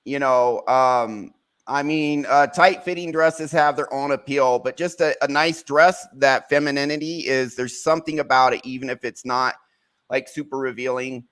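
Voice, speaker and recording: A man's voice: mid-range voice, normal speed, a bit bright, clean tone. A man hosting a podcast in casual chat, candid and playful, rambling with fillers. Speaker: podcast host.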